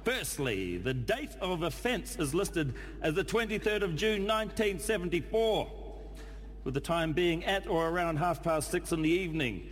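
A man with a New Zealand accent reading a letter aloud in a dry, deadpan comic style. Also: fairly high pitch, in a large hall.

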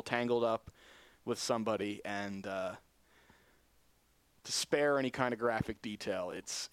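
Casting: young male sportscaster, dry close mic, energetic play calling. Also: mid-range voice, dry recording. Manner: upbeat, quick play-calling, turns somber and shaken after an injury. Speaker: play-by-play commentator. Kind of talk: live football commentary.

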